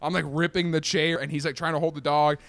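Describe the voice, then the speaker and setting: A young man, a comedian guest on a video call, telling stories in a casual, animated way and often laughing. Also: a little high, fast, no room sound. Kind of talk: casual storytelling chat.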